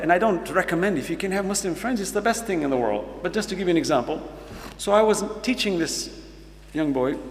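Middle-aged new guy preaching, gravelly, kinda high voice, echoey hall. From United States. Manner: earnest storyteller, acts out dialogue, asks the audience questions. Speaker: Muslim speaker. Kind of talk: storytelling sermon. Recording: echoey hall with faint hum.

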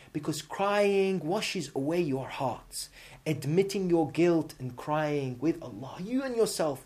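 A man preaching an emotional sermon, moving between loud, urgent emphasis and quiet, hushed passages, with chanted supplications woven in. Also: sits high. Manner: intersperses melodic chanted supplications.

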